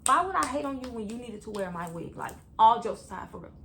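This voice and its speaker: A young woman vlogger telling a story to her viewers in a chatty, animated way. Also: on the high side, quick pace, background noise. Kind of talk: story time vlog.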